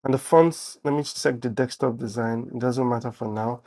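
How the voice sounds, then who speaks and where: With a gravelly, medium-pitched voice at a moderate pace, a man teaches web development, casually thinking aloud as he types code during a screen-share tutorial.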